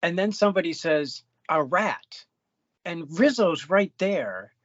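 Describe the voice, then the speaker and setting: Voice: mid-range voice, expressive, normal speed, no room sound, lo-fi sound. A podcast co-host chatting casually about a movie, laughing often and stumbling through restarts. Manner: hesitant, laughing, trails off in restarts. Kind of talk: casual movie-review chat.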